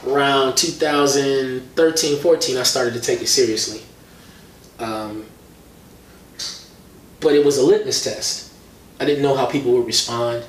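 A man chats as an interview guest, telling lively stories full of slang. His voice sits at an ordinary pitch. He is picked up from a distance in an echoey room, with faint noise underneath. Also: a little slow, pauses often. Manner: animated storytelling with slang. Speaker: hip-hop artist and guest. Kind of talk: casual interview conversation.

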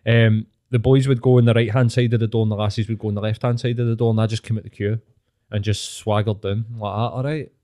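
A young Scottish man hosts a podcast in a casual chat, telling stories animatedly with swearing and laughter. His voice is lowish and dark, steady in tone, and fast.

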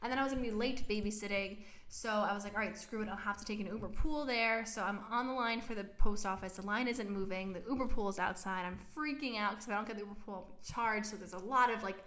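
A young American woman co-hosting a podcast, telling stories in a casual, animated way with lots of fillers. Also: mid-range voice, fast talker, hardly any pauses, reverberant. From United States. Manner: animated storytelling, many filler likes, laughs while talking. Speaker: podcast co-host. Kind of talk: casual chat.

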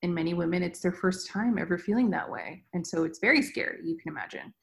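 A woman guest speaking as a mental health expert, explaining in a calm, reassuring way. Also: fairly low pitch, fast talker, creaky. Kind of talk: explanatory interview answers.

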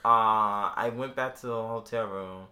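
A man co-hosting a casual podcast chat, telling convention stories and jumping into loud, high-pitched voices when he acts out what people said. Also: steady tone, unhurried. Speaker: podcast co-host.

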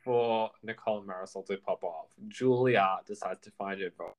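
A man's voice: on the low side, normal speed. A man co-hosting a podcast, chatting casually about a reality show, laughing often and using fillers. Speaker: podcast co-host. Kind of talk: casual reality TV recap chat.

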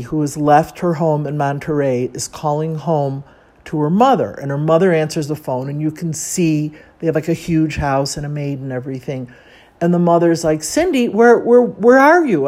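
A woman's voice: deep voice, mellow. A woman from Chicago talking casually and chattily, wandering off on side notes and poking fun at herself. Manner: chatty, digressive, self-deprecating. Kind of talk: casual monologue.

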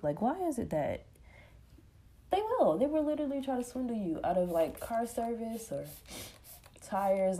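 Gravelly low-voiced woman rambling a storytime. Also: dark tone. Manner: rambling, many "like"s and sung sound effects. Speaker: vlogger. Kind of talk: casual storytime monologue.

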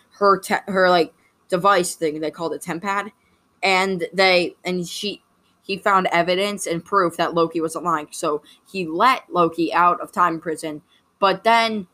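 A woman talks through a casual story recap in a slightly low voice. She rambles, fills gaps with "like" and keeps correcting herself mid-sentence. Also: pushed and bright. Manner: rambling, full of "like" and self-corrections. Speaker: video host recapping a series.

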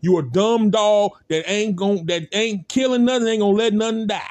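A man's voice: high-pitched, moderate pace, a little mellow, no room sound. A man giving a blunt, impassioned spoken rant, hammering points with repeated rhetorical calls and casual speech. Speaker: commentator.

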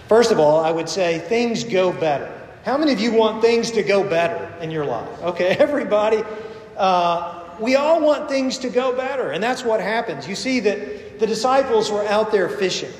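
A middle-aged man pastor giving a conversational sermon, telling stories and acting out the voices he quotes. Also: high-pitched. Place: church sanctuary. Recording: echoey long reverb of a sanctuary.

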